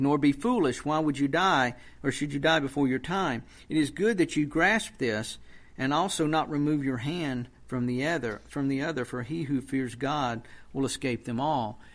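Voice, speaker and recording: A man preaching a sermon in an earnest way, with emphatic bursts that rise in force. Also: medium pitch. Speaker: pastor.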